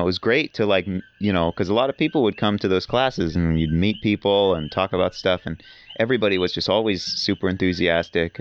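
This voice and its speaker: Man, podcast guest, rather low voice, rambling and enthusiastic, dull lo-fi recording. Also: a little hiss or hum. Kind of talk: casual conversation.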